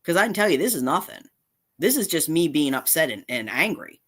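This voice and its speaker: A woman's voice: low voice, sing-song, brisk, a bit bright. A woman vlogger delivering an angry, confrontational rant straight to camera, indignant and repeating her points. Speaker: cat channel vlogger.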